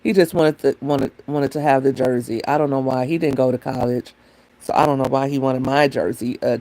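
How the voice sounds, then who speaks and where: A woman's voice: rumbling low, dark tone. Rambling woman chatting on a phone livestream. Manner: chatty and rambling, reads the chat aloud. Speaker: livestream host. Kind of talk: casual livestream chat with viewers.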